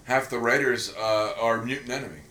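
A man's voice: mid-range voice, fairly quick, echoey room, a little hiss or hum. A man co-hosting a podcast in casual chat, joking and rambling with lots of energy. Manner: jokey, rambling, animated. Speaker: podcast co-host.

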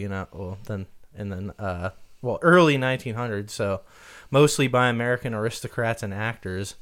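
A man in relaxed podcast banter, joking around and laughing often. He talks in loose, filler-heavy sentences at a middling pitch. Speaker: podcast co-host. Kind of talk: casual chat.

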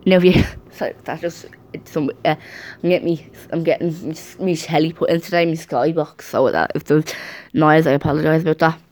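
A woman's voice: low voice, fairly even intonation, brisk, a little mellow. A young woman chatting casually to camera at home, rambling and often restarting her sentences. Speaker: vlogger.

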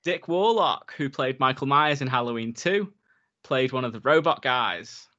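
In a mid-range voice that's bright, forceful and animated, a man talks movies at a moderate pace, though the recording cuts off the highs. As a podcast co-host he keeps it laid-back, rambling with plenty of "like"s and reading out facts.

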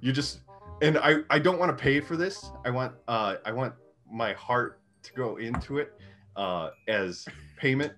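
A man's voice: mid-range voice, measured pace, fairly bright tone, soft background music, close to an everyday voice. A man improvising a pushy male carnival hustler who rambles and sets fussy rules. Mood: wheedling. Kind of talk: improvised comedy role-play.

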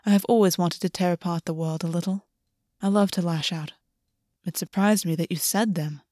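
A woman's voice: lowish voice, fairly even intonation, moderate pace, a little mellow, dry recording, studio quality, close to an everyday voice. A woman reading aloud and voicing a scheming, petty male fae lord who talks persuasively. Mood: wry.

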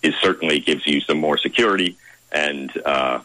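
A man interviewed as a car website's content director, answering in a measured, formal way with many pauses. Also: a bass voice, pushed and bright, no echo, rough recording.

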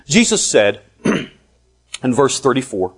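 A man preaching a sermon, deliberate and emphatic, with long pauses. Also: medium pitch, very animated, slightly rough.

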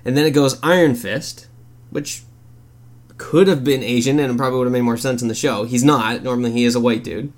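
Male podcast co-host, casual, animated, curses freely, middle pitch. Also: fairly quick. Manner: swearing, animated, laughs often. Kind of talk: casual chat.

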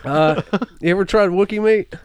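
A man co-hosting a podcast in casual chat, making slow, drawn-out remarks. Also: high-pitched, darkish tone, clean tone, no room sound, dull audio. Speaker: podcast co-host.

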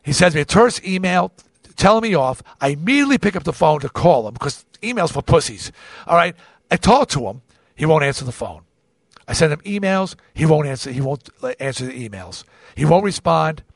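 A man hosting a podcast, telling a personal story in an animated way, often restarting and repeating words. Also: fairly high pitch, a little fast, vocal fry, dry recording, clean studio sound. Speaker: podcast host. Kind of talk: confessional storytelling.

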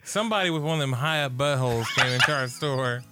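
A man's voice: medium pitch, fast talker, over loud music. A man co-hosting a podcast, chatting casually and telling a crude, joking story. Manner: crude, joking, laid-back. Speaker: podcast co-host.

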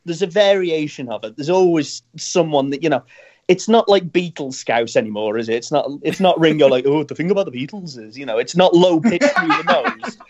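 A man's voice: a little high, animated, moderate pace, lo-fi sound. A man co-hosting a podcast in casual chat, jokey and teasing. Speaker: podcast co-host.

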